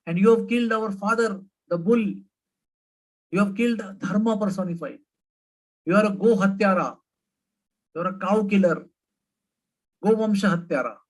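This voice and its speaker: Man putting on scolding village women, accusing, pitched up, in a spoken story. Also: moderate pace, long pauses, low-quality recording. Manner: reproachful, accusing. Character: indignant village cowherd women, group.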